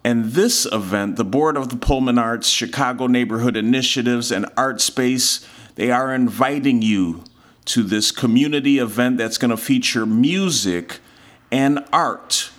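A man hosts a radio show in a relaxed, casual way as he reads out community event listings. He speaks slowly, and his voice has a medium pitch. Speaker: radio host.

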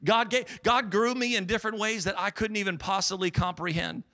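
A middle-aged man, a pastor, preaching a sermon at a church service, swinging between loud exhortation and soft earnest tones. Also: high voice, steady tone, fairly quick. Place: church sanctuary.

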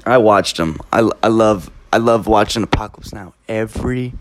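A man's voice: on the low side, normal speed. Profane young man ranting solo. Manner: profane, emphatic, rambling. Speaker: podcast host. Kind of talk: solo podcast rant.

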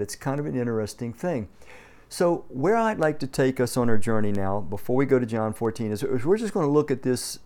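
Male preacher, warm low-key timbre, emphatic sermon delivery with frequent restarts. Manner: emphatic, repeats words when starting phrases. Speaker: pastor.

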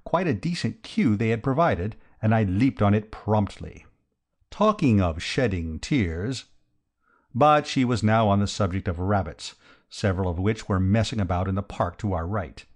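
A man's voice: on the low side, normal speed. A man narrating a comic novel in the first person, with a dry, wry, conversational delivery. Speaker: audiobook narrator.

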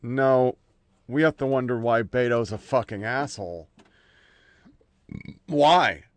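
A man hosting a political commentary show, sarcastic and profane, swinging between loud outbursts and low mutters. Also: slow, no room sound.

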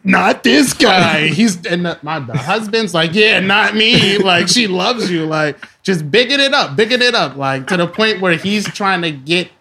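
Bright-voiced man, casual podcast chat. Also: high voice, animated, moderate pace, hardly any pauses. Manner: laughs a lot, retells film scenes. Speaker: podcast co-host.

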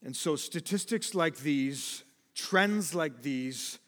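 A man preaching a sermon, moving between loud, emphatic exhortation and quiet, low explanation. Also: lively intonation, slow pace. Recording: long hall reverb.

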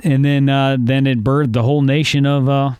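A man's voice: medium pitch, little pitch movement, normal speed, darkish tone, clean tone, dry recording. A man hosting a casual podcast, joking and crude, teasing his co-host. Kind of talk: casual comedic podcast banter.

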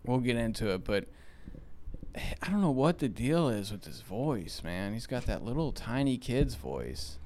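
A man's voice: mid-range voice, big pitch swings, measured pace, darkish tone, a little hiss or hum. A man co-hosting a movie podcast, giving blunt, profane, rambling opinions in casual chat. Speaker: podcast co-host.

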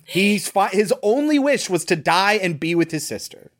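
This podcast co-host has a high-pitched voice and speaks at normal speed. He goes over a movie casually, relaxed and talkative, offering behind-the-scenes trivia amid fillers.

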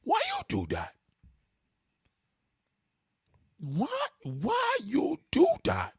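A man squeaking out a furious middle-aged father who cannot believe what his child did. He fires the same question again and again, in a shrill voice that jumps far above normal speech and gets louder. The voice is husky and the room is dry. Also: huge pitch swings, slow, no echo, full character voice. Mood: outraged. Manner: shrill repeated scolding, high squeaky pitch.

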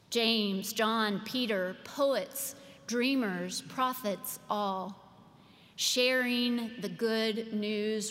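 A woman preaching a sermon, slow and deliberate, leaning on emphatic pauses to land her points. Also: on the high side, fairly bright tone. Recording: long reverb of a large hall.

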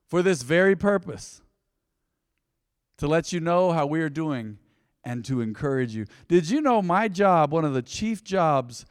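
A man's voice: mid-range voice, smooth, dry recording, studio quality, long reverb tail. A man preaching a sermon as pastor, talking in a loose, joking way and calling on the congregation to answer back. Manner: conversational, joking, calls on the congregation to respond. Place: church sanctuary.

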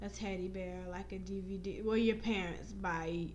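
A woman's voice: medium pitch, fairly even intonation, moderate pace, lo-fi sound, over a noisy crowd. A young woman co-hosting a casual podcast, talking in a laid-back way with lots of fillers. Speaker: podcast co-host.

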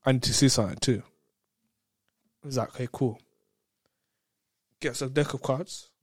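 A man telling a story in casual chat, excitable, laughing often and repeating words. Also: medium pitch, moderate pace, husky, no room sound, clean studio sound.

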